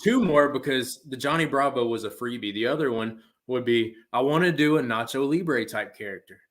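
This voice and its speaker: A man's voice: medium pitch, moderate pace. Playful man, casual chat. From Appalachia, USA. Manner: playful, talkative, jokes around with mock-Spanish bits. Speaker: guest actor.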